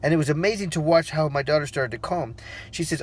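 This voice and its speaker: A man in his forties telling a personal story in a relaxed, rambling way, with fillers and restarts, acting out the voices he quotes. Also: fairly high pitch, quick pace, breathy edge. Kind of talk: casual spoken storytelling.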